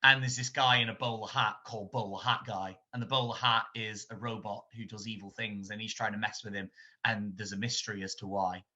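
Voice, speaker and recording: Man rambling animatedly, bright voice. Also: fairly low pitch, fairly quick. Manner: rambling, animated, laughs while retelling scenes. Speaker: podcast co-host. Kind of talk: casual film chat. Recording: dull lo-fi sound.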